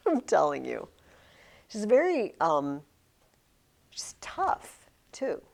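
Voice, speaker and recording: A woman teaching a high school literature class, asking questions and acting out lines from the book. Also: extremely slow, vocal fry. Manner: animated, asks questions, acts out quotes.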